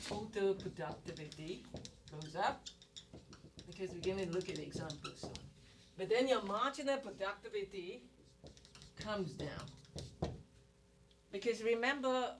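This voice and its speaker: A woman instructor giving a classroom economics lecture, explaining step by step and asking rhetorical questions. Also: on the low side. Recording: distant mic with noise and clicks.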